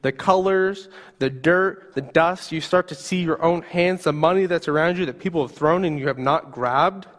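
A man's voice: on the high side, moderate pace, a bit bright, long reverb tail. A male youth pastor preaching, telling a vivid story in the second person. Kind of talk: sermon storytelling.

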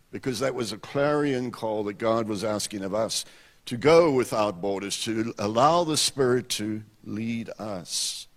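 A man, a missionary telling a story during a sermon in a relaxed, wry manner. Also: medium pitch, long reverb tail. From South Africa. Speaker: missionary speaker.

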